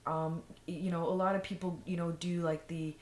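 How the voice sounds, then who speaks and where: A woman's voice: lowish voice, level tone, a little fast. A woman vlogger giving frank, rambling advice in a casual monologue, full of fillers and restarts. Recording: echoey room, faint noise.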